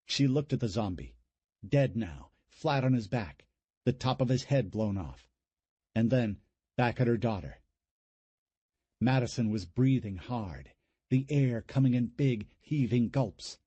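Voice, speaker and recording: A man reads a horror audiobook with a dark, husky voice whose pitch rises and falls a lot. The reading is dramatic and recorded dry and close, with no room sound. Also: no room sound. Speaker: audiobook narrator. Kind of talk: scripted horror narration.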